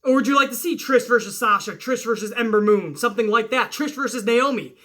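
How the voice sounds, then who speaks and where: A young man hosting a casual wrestling Q&A, swearing freely and rambling in an animated, hyped way. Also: very high-pitched, brisk. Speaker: wrestling commentary host. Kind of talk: casual Q&A livestream chat.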